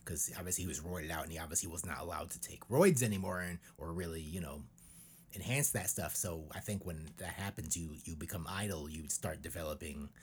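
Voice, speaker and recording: A man's voice: low-pitched, a little fast, husky. A man co-hosting a podcast in casual chat, rambling and sarcastic. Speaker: podcast co-host.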